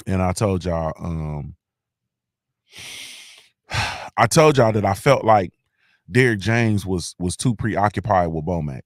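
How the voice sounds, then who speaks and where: Excitable man hosting a boxing talk show. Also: low-pitched, no room sound, studio quality. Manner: excited, slangy, repeats himself a lot. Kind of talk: casual fan talk on a livestream.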